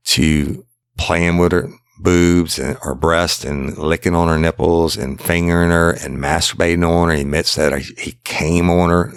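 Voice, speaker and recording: A man's voice: rumbling low, gravelly, fairly bright tone, no echo, studio quality. A man, a former detective hosting a podcast, bluntly retelling a case in casual, profane storytelling and constantly repeating what he said. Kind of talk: casual true-crime storytelling.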